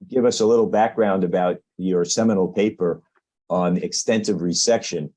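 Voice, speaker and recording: A man, a neurosurgeon interviewing a colleague, asking questions in a halting way with many fillers and restarts. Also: low-pitched, warm tone.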